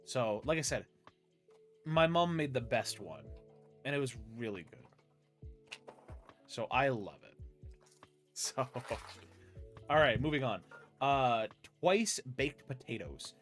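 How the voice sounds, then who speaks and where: A giggly man hosts a loose, casual chat, reading recipes aloud in a voice of ordinary pitch. He keeps breaking into laughter, and soft music plays faintly behind him. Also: lively intonation, slow, long pauses. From United States. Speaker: podcast host.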